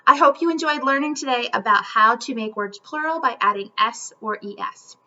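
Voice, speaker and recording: A woman teaching a children's phonics lesson, speaking upbeat and clearly enunciated, in a slightly muffled home video recording. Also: fairly high pitch, normal speed, sharp tone.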